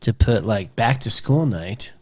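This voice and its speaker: A man co-hosting a casual podcast chat over a scotch tasting, telling stories in an animated, rambling way. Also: on the low side, a little slow, husky. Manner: animated storyteller, rambling with restarts. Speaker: podcast co-host.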